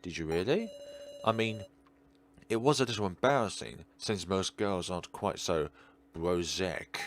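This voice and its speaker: A man voicing a cool, calm young woman in a game, speaking in a low, composed way. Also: unhurried, slight background noise. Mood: wry.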